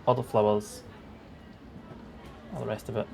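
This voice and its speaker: A man's voice: fairly low pitch, level tone, normal speed, creaky, a little mellow, slight background noise. A man voicing a dreamy, self-absorbed young man in a 1920s story, speaking wistfully and theatrically.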